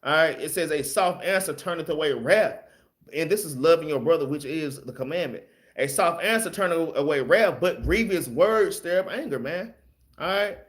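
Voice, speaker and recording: A man's voice: a little high, lively intonation, moderate pace. A man teaching a casual Bible study, plain-spoken and loose, often ending his phrases with "man" and letting slip some mild swearing.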